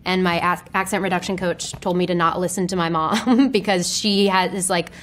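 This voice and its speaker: A woman's voice: lowish voice, fairly even intonation, a little fast, fairly bright tone. A young woman from Tennessee with a neutral American accent, answering questions about herself in a chatty, self-deprecating way with frequent laughter. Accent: neutral American, faint Southern. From Memphis, Tennessee, US. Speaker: actress answering web search questions. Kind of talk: casual chat.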